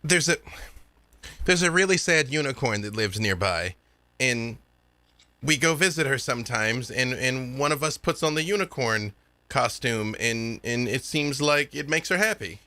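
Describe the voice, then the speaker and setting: A man narrating a tabletop game as game master, playful and animated. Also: mid-range voice, moderate pace, dry recording.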